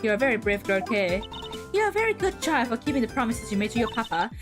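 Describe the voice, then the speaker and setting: A woman voicing a composed, formal male prosecutor from a game, her voice pushed lower and stiff. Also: sing-song, quick pace, music in the background. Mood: gentle. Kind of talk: reading a game's dialogue aloud.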